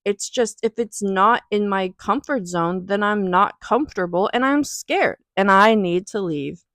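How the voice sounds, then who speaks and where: A woman's voice: medium pitch, unhurried, a bit bright, no room sound. A young woman talking in an emotional, rambling way in a personal vlog at home, near tears. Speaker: vlogger.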